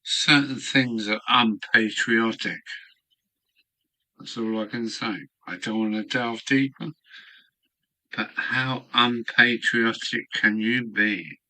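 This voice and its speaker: A man's voice: mid-range voice, steady tone, slow pace, sharp tone, low-quality recording. A tipsy man with a southern English accent, rambling through a solo live stream from his home hobby room and chanting phrases in a sing-song way. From southern England. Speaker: model railway live streamer.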